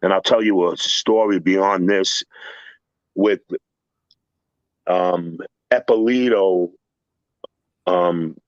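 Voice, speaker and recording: A man's voice: low voice, drawn-out words, pauses often, no room sound, dull audio. Profane older man telling a heated story. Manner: profane, heated retelling with acted-out quotes. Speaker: construction contractor guest. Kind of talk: storytelling in a podcast interview.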